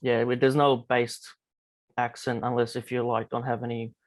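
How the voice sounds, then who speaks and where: An Australian man co-hosts a casual interview in a matter-of-fact tone. His delivery is very flat and level. The recording is dry and close. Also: medium pitch, normal speed, no echo. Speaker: podcast co-host.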